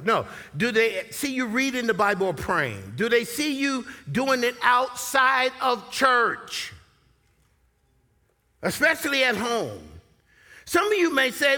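A middle-aged male pastor preaching a sermon, swinging from quiet asides to loud high bursts. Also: very animated, measured pace. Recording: long hall reverb.

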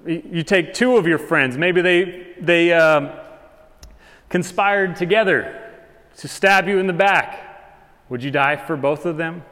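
A man with a fairly high voice preaches a sermon, reading scripture aloud and building to animated peaks. His voice rings with a long hall reverb, as if from a church sanctuary. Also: a little slow. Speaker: pastor.

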